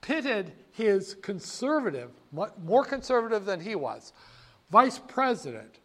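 An older man telling history in an informal, animated way, slipping into voices for the people he quotes. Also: sits high, a little slow.

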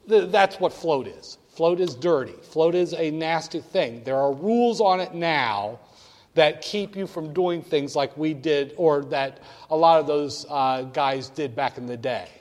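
An older man wryly telling a candid story, briefly acting out the voices of people in it. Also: fairly high pitch. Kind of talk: storytelling anecdote. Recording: long hall reverb.

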